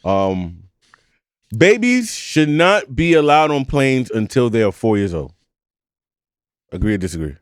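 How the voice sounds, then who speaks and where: A man co-hosting a podcast, chatting casually in an animated, profane rant with frequent laughter. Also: medium pitch, unhurried, pauses often, clear, resonant tone, dry recording, clean studio sound. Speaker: podcast co-host. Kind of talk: casual chat.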